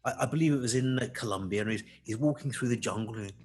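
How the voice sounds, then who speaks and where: A man co-hosting a podcast, chatting and telling a joke in a rambling, animated way. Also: mid-range voice, quick pace, breathy edge. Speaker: podcast co-host. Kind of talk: casual chat and joke telling.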